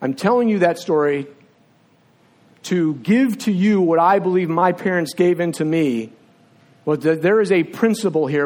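A man's voice sitting a little high for a man carries a sermon in a church sanctuary. He tells stories in a relaxed, conversational way, like a teacher talking to a class. When he leads the room in prayer, he drops into a low, hushed voice. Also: normal speed. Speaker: preacher. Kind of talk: sermon with personal storytelling and prayer. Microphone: filmed on camera while preaching.

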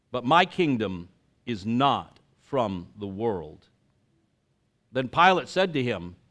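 A man's voice: sits high, fairly bright tone. A man reading scripture aloud with dramatic emphasis, then preaching casually to a congregation. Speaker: pastor.

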